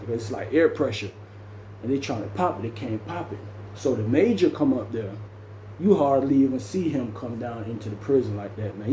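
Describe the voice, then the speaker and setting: Man, casual storytelling, acts out voices and sound effects, mellow tone, roomy echo. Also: mid-range voice, a little hiss or hum. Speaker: storyteller recounting his jail time.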